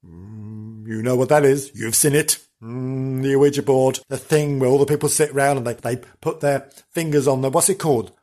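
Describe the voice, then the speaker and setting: A man's voice: medium pitch, fairly even intonation, normal speed, few pauses, dark tone. A man hosting a comedy podcast, telling ghost stories in a camp, theatrical way, full of dramatic "oh"s. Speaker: podcast host. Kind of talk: comedic storytelling chat.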